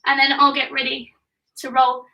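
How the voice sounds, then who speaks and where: A woman's voice: sits high, completely flat delivery, moderate pace, creaky, pushed and bright, reverberant, distant mic, poor audio. A young woman coaching a live home workout for children, upbeat and encouraging as she counts reps and gets a little out of breath. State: getting out of breath. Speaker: kids fitness coach. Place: home room.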